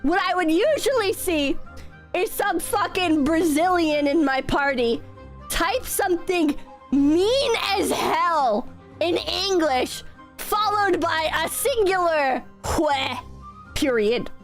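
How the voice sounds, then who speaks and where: High, hoarse young woman streamer, coughing. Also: slow pace, soft background music. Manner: animated, profane storytelling with mocking impressions. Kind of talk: casual chat with viewers.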